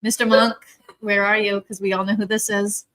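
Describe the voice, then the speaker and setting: A woman's voice: mid-range voice, little pitch movement, moderate pace, a bit bright, low-quality recording. Woman co-host rambling on a livestream, messing with the tech. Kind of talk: casual livestream chat.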